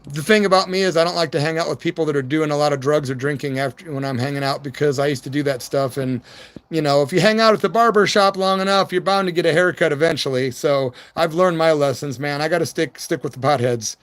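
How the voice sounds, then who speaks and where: A man's voice: on the high side, fairly even intonation, fast talker, a bit bright. A middle-aged man, a rock musician, rambling through stories on his evening live stream with loose slang and the odd hoot.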